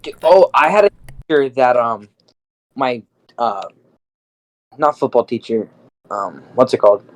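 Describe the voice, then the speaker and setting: A man's voice: medium pitch, expressive, unhurried, long pauses, rough recording. A teenage man co-hosting a podcast, telling a rambling school story in casual, profane chat full of fillers. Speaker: podcast co-host.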